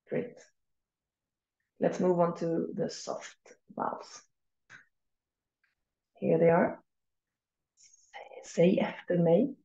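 A woman with a Swedish accent teaches in an unhurried, patient way, holding each vowel long for students to repeat. Her voice is a bit shaky from a cold and has a gravelly edge. She is recorded in an echoey room with slightly dull sound. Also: fairly low pitch, steady tone. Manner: stretches the vowel sounds she models, soft asides. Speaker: language teacher. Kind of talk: slow, clear teaching with repeat-after-me drills.

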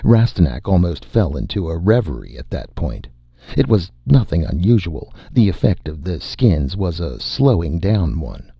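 A man narrating an audiobook in a measured, steady way, in a slightly muffled recording. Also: low-pitched, creaky, breathy edge, no room sound. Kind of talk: scripted narration.

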